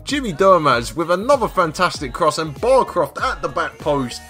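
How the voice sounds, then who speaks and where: A man commentating his own football management game, dry and self-mocking, shouting when a goal goes in. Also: a little high, very animated, moderate pace, few pauses, faint music behind. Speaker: gaming YouTuber.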